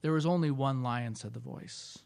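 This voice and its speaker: A man voicing a vast, gentle male lion as he reads from a storybook in a soft, low, hushed way. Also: moderate pace, vocal fry, no echo, natural voice. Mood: calm, gentle. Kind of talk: reading aloud from a storybook.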